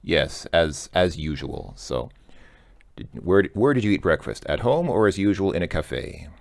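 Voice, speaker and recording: A man's voice: low-pitched, very animated, unhurried, gravelly, no echo. A man casually explaining a language lesson, chatty and joking, thinking aloud as he goes. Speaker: language teacher.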